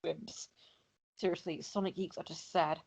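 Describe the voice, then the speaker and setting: A woman's voice: high voice, animated, normal speed. A woman chatting casually and sarcastically, often laughing. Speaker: video co-host. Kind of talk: casual chat about cartoons and games. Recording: dull lo-fi microphone.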